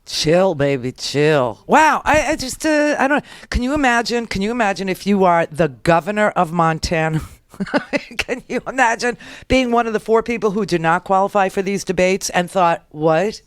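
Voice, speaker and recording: A middle-aged woman hosting a political talk radio show, riffing sarcastically with a New York accent and quick laughs. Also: mid-range voice, no echo, studio quality. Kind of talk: political commentary.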